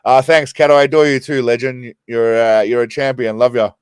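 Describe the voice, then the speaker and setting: An Australian man hosts a casual live stream from a small room, rambling, laughing, thanking his viewers and repeatedly getting sidetracked. His mid-range voice is smooth, his delivery flat and a little fast, and the recording is dry.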